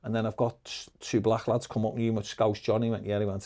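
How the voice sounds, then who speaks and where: A middle-aged man, a podcast guest telling lively, profane anecdotes in casual storytelling. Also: fairly low pitch, fast. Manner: swears freely, lively anecdotes.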